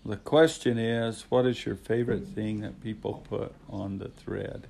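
A man's voice: fairly low pitch, steady tone, a little slow, creaky, a little mellow, a little hiss or hum, poor audio. A middle-aged man, a father, reading a heartfelt, devout letter to his family aloud, then chatting. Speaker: father of the hosts.

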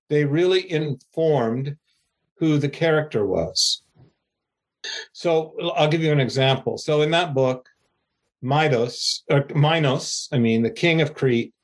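An older man, an author, giving a slow, rambling, self-deprecating interview answer. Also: fairly high pitch.

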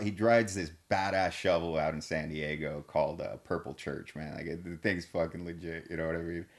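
A man telling a story in casual chat, laid-back and slangy, cursing freely and calling people dude and man. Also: low voice.

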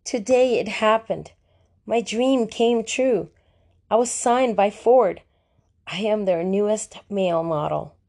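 A woman's voice: medium pitch, slow, a little mellow. A woman voicing an earnest teenage boy who speaks sincerely in an audiobook reading. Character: earnest teenage boy, newly polished model.

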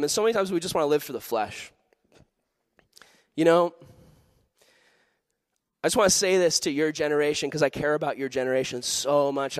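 A man preaching a sermon to a live youth audience, telling animated, jokey stories with lots of energy. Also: a little high, dry recording. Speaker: youth pastor.

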